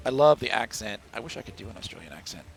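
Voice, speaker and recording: A man's voice: on the low side, very animated, fast, vocal fry, rough recording. A man from the central United States streaming a game from home, chatting and rambling to himself as he plays. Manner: chatty, rambling, talks to himself while playing. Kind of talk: casual gameplay commentary. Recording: stream with background music.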